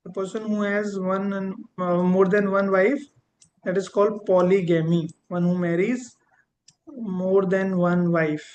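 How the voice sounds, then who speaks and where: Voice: mid-range voice, steady tone, a little slow, a little mellow, slight background noise, rough recording. A teacher giving a vocabulary lesson, repeating each word and drawing out key terms. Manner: repeats words, spells them out and drags out key terms. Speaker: English teacher.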